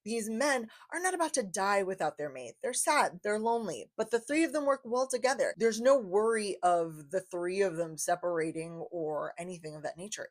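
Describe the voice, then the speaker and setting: A young adult woman giving a casual book review, chatty and enthusiastic, repeating phrases for emphasis. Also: medium pitch.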